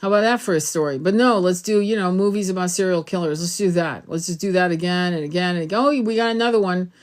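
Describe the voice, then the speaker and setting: A middle-aged woman hosting a tarot channel, talking in a rambling, emphatic way, swearing freely and acting out quotes in a higher voice. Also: fast talker. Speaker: tarot reader and spiritual channel host. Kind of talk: casual spiritual monologue.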